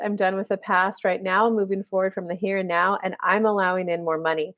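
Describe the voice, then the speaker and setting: A woman's voice: mid-range voice, fairly bright tone, highs cut off. A woman giving a casual, chatty live-stream card reading as a spiritual coach, full of fillers and little acted-out quotes.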